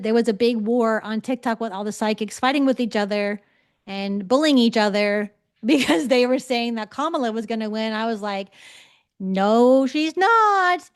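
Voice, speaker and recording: A woman with a slightly high voice teaches a live class over a video call. She talks in a loose, chatty way and keeps pausing to ask her listeners whether they follow. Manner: conversational, checks in often with 'okay?'. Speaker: psychic development teacher.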